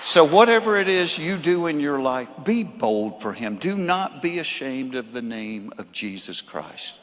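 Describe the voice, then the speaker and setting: A man's voice: on the high side, lively intonation, moderate pace, a faint crowd. Folksy Southern man telling stories in a hall. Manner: folksy storytelling, turning earnest and hushed. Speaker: comedian and speaker. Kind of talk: storytelling faith talk to a live audience. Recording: reverberant hall with faint noise.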